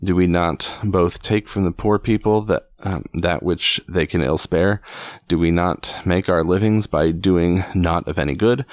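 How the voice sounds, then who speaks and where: A man's voice: low voice, no echo. A man voicing a merry, sly outlaw who poses as a beggar in a read-aloud storybook, pleading in a teasing way.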